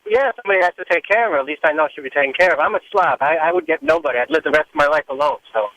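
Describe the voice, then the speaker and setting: A man's voice: on the high side, racing, a bit bright, dry recording, dull audio. A man phoning in to a radio show, joking and self-deprecating. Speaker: caller. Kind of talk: call-in chat. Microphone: telephone.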